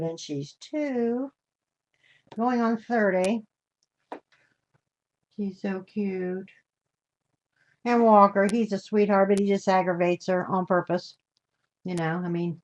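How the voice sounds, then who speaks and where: A woman's voice: fairly low pitch, a little mellow. An older woman hosting a live craft demonstration, chatting in a homey way and greeting viewers with endearments. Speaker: craft show host.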